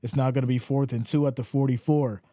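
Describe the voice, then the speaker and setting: A man hosting a live stream, calling the plays and reading viewer chat in an animated voice. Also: fast, no room sound, clean studio sound. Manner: animated, rises in pitch when excited. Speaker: live stream play-by-play host. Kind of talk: play-by-play commentary with chat reading.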